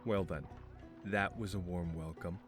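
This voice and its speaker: Gruff bounty hunter in a western game, deep voice, dry grumble, voiced by a man. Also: fairly even intonation, measured pace. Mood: grumbling. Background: music.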